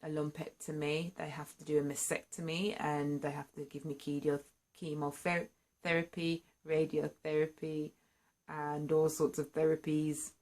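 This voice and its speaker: Candid low-voiced woman vlogger. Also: unhurried. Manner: candid, earnest, animated when excited. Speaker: singer sharing a personal story. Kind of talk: candid personal vlog storytelling.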